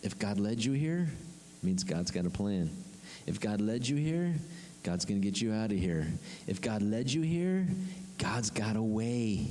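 A man preaching a sermon, emphatic and repetitive, with dramatic pauses and sudden drops to a whisper. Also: fairly low pitch, very animated, warm tone, in a large hall. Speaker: pastor.

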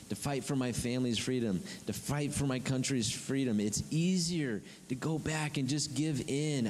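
A man preaching a sermon, emphatic and repetitive, with dramatic pauses and sudden drops to a whisper. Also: mid-range voice, big-room sound, a little hiss or hum. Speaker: pastor.

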